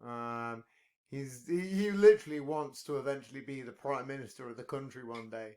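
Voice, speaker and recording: A man's voice: medium pitch, normal speed, darkish tone. A man in casual podcast chat, rambling and profane, joking a lot. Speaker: podcast talker.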